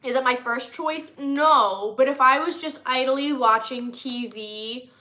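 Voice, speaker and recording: A woman's voice: sits high, a little slow, bright, forceful tone. A young American woman rambling through a casual snack-tasting vlog, with many likes and ums, a little nasal from being sick. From United States. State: slightly nasal from recent illness. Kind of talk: casual chat to camera.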